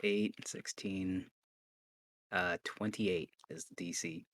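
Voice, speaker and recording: A man playing a tabletop game, excitable and thinking aloud, often restarting his sentences. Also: deep voice, takes it slowly, dry recording. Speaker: player. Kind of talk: casual tabletop game play.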